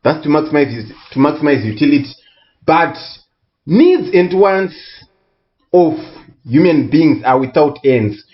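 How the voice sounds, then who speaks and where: A man tutoring economics in a recorded lesson, speaking deliberately and repeating key words for emphasis. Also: on the high side, big pitch swings, muffled recording. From Southern Africa.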